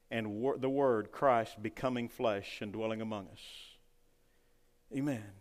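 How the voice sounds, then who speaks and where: A man preaching a sermon with fervor, rising loud and dropping to a hush. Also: on the low side, steady tone, unhurried. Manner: fervent preaching, swings between loud and hushed. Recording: long hall reverb.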